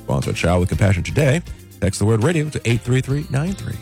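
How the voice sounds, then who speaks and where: Fast-talking male traffic reporter. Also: mid-range voice, gravelly, soft background music. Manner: brisk, even read of road conditions.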